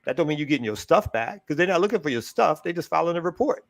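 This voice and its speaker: A man's voice: a little high, lively intonation, gravelly. A man co-hosting a morning talk show, making an earnest case with repeated, stacked phrases. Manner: earnest, fast-building argument with repetitions. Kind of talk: casual political chat.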